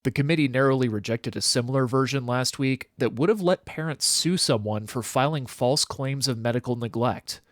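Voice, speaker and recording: A man reading a scripted public radio news report in a plain, steady manner. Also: medium pitch, normal speed, few pauses, no room sound, clean studio sound.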